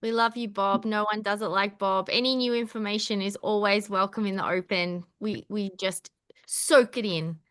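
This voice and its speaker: Bright, crisp Australian woman host. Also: medium pitch, fairly even intonation, normal speed. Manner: effusive, affectionate. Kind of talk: livestream reading-series hosting and poetry reading. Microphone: video call.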